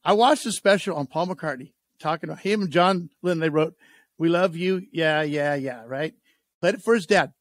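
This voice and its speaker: A man's voice: a little high, moderate pace, no echo. A man hosting a sports radio show, chatting casually and telling stories with playful, joking energy. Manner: jokey, playful storyteller. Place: radio studio.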